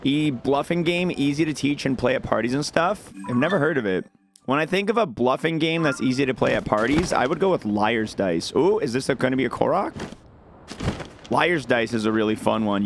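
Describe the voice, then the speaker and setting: A young adult man streaming a game, chatting casually and rambling as he answers his chat. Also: medium pitch. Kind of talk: casual live-stream chat while gaming. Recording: background noise with mouse clicks.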